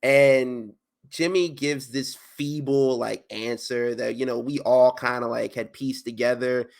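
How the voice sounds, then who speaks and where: A man co-hosting a casual wrestling podcast, animated and joking, often breaking into laughter and high-pitched impressions. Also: unhurried, creaky. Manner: animated, jumps into high-pitched quoted voices, laughs a lot. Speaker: podcast co-host.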